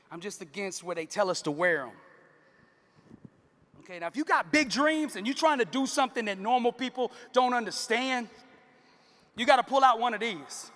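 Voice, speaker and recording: A man's voice: sits high, moderate pace, pauses often, bright, forceful tone. A man giving a live motivational speech to a crowd, preacher-like, calling out to the audience. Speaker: motivational speaker. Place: large hall in front of a live audience. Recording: long hall reverb from a live stage.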